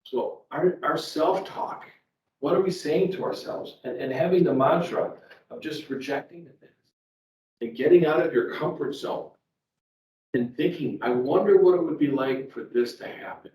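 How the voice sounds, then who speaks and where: A man's voice: a little high, normal speed, darkish tone. A middle-aged man, speaking as a sales trainer at a live seminar, conversational, repeating words as he tells personal stories. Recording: echoey room, distant mic, faint background ambience.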